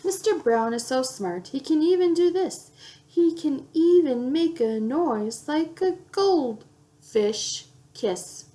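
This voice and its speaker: A woman's voice: sits high, lively intonation, slow, warm tone, slight background noise. A woman reading children's picture books aloud, playfully acting out the sound effects. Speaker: children's book reader.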